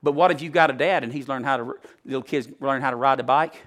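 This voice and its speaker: A male preacher, giving a folksy sermon that swings from loud to hushed. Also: medium pitch, quick pace.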